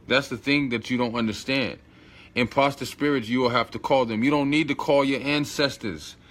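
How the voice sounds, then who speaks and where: A man's voice: medium pitch, fairly bright tone. Slangy, emphatic man teaching spirituality. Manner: talks straight to the listener, coaching tone.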